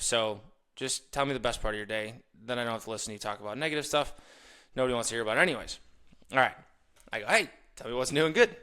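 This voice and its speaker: A young man with a bright, forceful voice talks straight to his listeners in a casual motivational monologue. He rants with energy and drops into quick impressions of other people mid-sentence. He sounds like a podcast host working through his points off the cuff. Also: mid-range voice. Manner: animated, ranting, mimics others in quoted asides.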